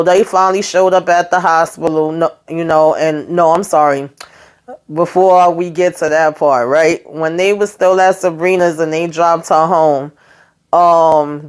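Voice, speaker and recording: A woman's voice: on the low side, smooth. A woman hosting a casual TV recap, chatty and slangy, talking straight to her viewers and acting out the characters' lines as she goes. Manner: acts out characters' lines while retelling. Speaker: YouTube host.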